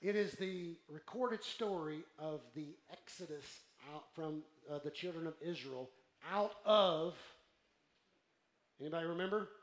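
A man preaching a sermon to a congregation, calling out for responses and building to shouts. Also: a little high, unhurried, roomy sound. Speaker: pastor. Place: church.

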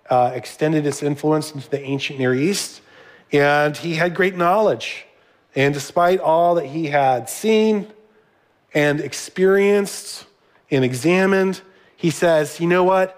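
A middle-aged man giving a sermon as a pastor, conversational, with asides to the congregation. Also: a little high.

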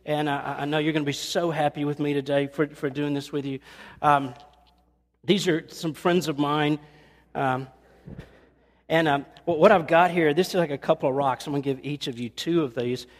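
A man preaching a conversational sermon to his church, earnest and animated, acting out the voices of people he quotes. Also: normal speed, long reverb tail. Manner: earnest, conversational, acts out quotes with rising pitch. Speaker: pastor. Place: church sanctuary.

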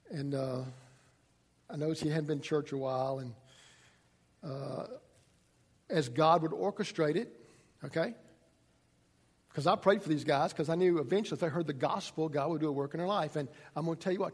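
A middle-aged man, a pastor, telling a story in a casual, folksy sermon. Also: a little high. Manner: folksy, conversational preaching with southern-style grammar. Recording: long reverb in a large room.

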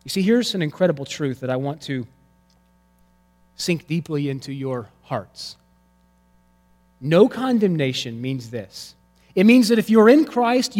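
A male pastor preaching a sermon, swinging between loud emphatic lines and hushed, quiet ones. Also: high voice, long reverb tail.

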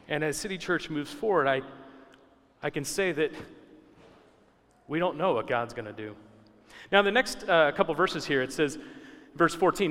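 A man's voice: a little high, expressive, normal speed, long pauses, fairly bright tone, big-room sound. A man preaching a conversational, teaching sermon, repeating key words for emphasis. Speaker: pastor.

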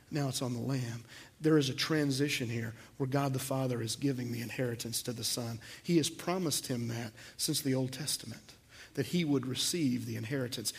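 A pastor with a husky, medium-pitched voice preaches a sermon to his congregation. He is emphatic, his volume swells, and he repeats words.

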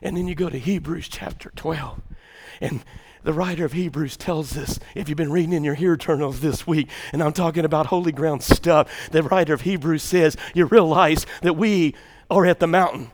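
A man preaching a sermon to a church congregation, swinging between quiet asides and shouted preaching. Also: fairly high pitch, moderate pace. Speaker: pastor. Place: church sanctuary.

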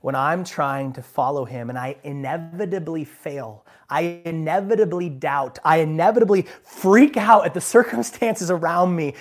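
Male pastor preaching, chatty and emphatic, gets loud to drive points home then drops quiet. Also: fairly high pitch. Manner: animated and emphatic, swinging from quiet asides to loud bursts; conversational, asks the congregation "right?". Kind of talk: sermon.

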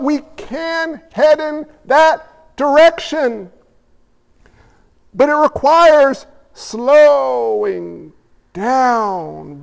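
A male pastor gives a conversational sermon in a high, gravelly voice, piling up rhetorical questions and repeated phrases. A long reverb surrounds his voice, as if he's in a large hall.

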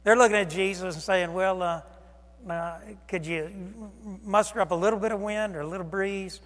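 Male preacher, higher voice, dramatic sermon delivery with loud and hushed swings, reverberant sanctuary sound. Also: moderate pace. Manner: animated, acts out voices of Jesus and disciples, swings loud and soft.

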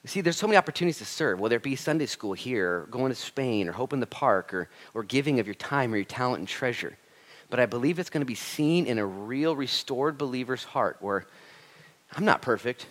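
A male pastor preaching a sermon in church, animated and frank, acting out quoted speech with humor. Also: mid-range voice. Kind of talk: sermon with storytelling.

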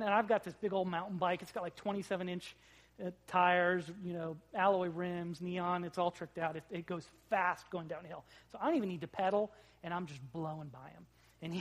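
A man in his thirties preaching a sermon, telling a family story with big swings from hushed to loud. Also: sits high. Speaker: pastor.

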